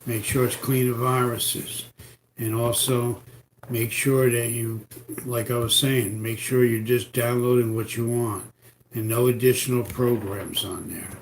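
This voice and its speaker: Deep-voiced New York man giving tips. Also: a little hiss or hum. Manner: rambling, repetitive, folksy advice. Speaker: computer repair host. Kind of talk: live stream tips. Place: home in Florida.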